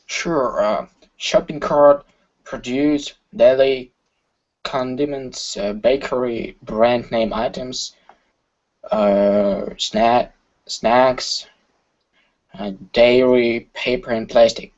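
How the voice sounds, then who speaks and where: A man's voice: mid-range voice, extremely slow, darkish tone, lo-fi sound. A man studying English who reads and explains carefully, hesitating between words. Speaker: language student.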